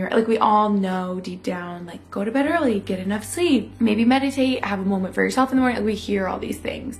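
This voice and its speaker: A young woman chatting in a confessional vlog, talking fast and loose with lots of "like" and acted-out quotes. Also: medium pitch. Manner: chatty, lots of "like", quoting herself and others. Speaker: vlogger. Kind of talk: casual confessional vlog chat.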